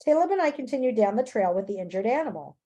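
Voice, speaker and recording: A woman reading a children's book aloud in an expressive, animated storytelling manner. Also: fairly high pitch, quick pace. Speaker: story reader.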